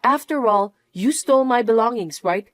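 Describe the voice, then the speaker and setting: An actress playing a wronged young wife who answers with cool, firm defiance. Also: female voice, on the high side, animated, moderate pace, no room sound, lightly acted. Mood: upset. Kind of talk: narrated drama acting.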